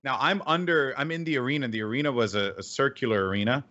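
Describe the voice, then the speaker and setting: A man talking fast and loose as an interview guest, restarting sentences and piling on "like" as he tells a story. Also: mid-range voice, lo-fi sound. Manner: animated, many restarts and "like". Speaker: esports caster guest. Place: home room with a clanking heater.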